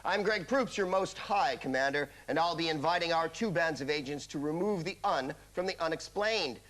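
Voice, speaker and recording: A man's voice: on the high side, normal speed. A man hosting a comedy quiz show, delivering wry, scripted patter. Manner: wry, arch. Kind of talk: scripted comic host patter. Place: television studio. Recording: loud studio audience and noise.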